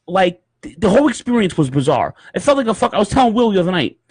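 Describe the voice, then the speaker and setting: A man's voice: sits high, fast talker, husky, no room sound. Guy on a podcast telling a story, swears a lot, does little voices, dry close sound. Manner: profane, animated storyteller, acts out voices. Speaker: podcast co-host. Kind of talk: casual podcast chat, storytelling.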